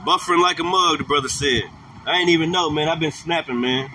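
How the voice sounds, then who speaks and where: A man's voice: a little high, fairly quick. A man preaching outdoors on a livestream, emphatic and repetitive, in slangy casual talk that keeps ending with "man". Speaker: street preacher. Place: outdoors on a street with passing traffic. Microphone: phone or camera livestream mic. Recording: street traffic noise behind the voice.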